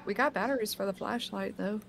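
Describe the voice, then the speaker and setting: Co-streamer, female, mid-pitched, teasing and laid-back, noisy stream audio. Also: brisk, creaky. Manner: teasing, laughs easily. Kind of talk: casual gameplay chat.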